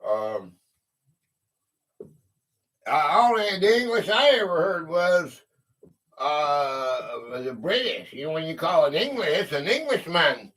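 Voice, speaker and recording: A man hosts a casual live-stream trivia game, reading questions out and greeting viewers by name. His voice sits a little high and his pace is unhurried and drawn out. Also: sing-song, a bit bright. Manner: chatty, greets viewers, reads quiz questions aloud. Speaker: livestream host running a quiz.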